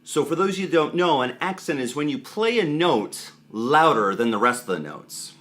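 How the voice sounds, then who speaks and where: Lively-voiced man teaching guitar. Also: fairly high pitch, moderate pace. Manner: relaxed, counts beats aloud. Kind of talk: casual guitar lesson. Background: guitar playing.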